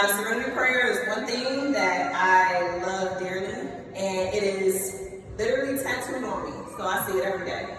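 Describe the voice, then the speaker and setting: A young woman from Ohio giving a commencement speech, talking straight to the students with lively asides and frequent "okay?" check-ins. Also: medium pitch, noisy background. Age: late 20s. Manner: lively, addresses the students directly with "y'all" and "okay?". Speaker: commencement speaker. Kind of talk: motivational speech. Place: large hall. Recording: echoey hall, heard from a distance.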